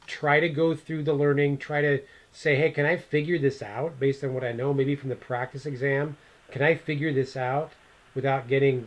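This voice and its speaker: A man teaching a computer class, thinking aloud as he clicks through each step of a screen-recorded software lesson. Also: mid-range voice, low-quality recording.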